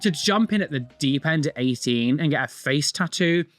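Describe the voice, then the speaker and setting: A young man chats his way through tattoo videos, blunt and opinionated but quick to poke fun at himself. His voice swoops up and down freely and sits a little high for a man. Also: lively intonation, fairly bright tone. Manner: chatty, opinionated, self-mocking, quick to laugh. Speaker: host reacting to tattoo videos. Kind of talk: casual reaction commentary.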